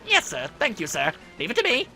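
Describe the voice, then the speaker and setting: A fussy old turtle witch played by a man simpers in a high, fawning voice as a servant to her king. Her tone swings lively and bright. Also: fairly quick, creaky, soft background music, exaggerated voice.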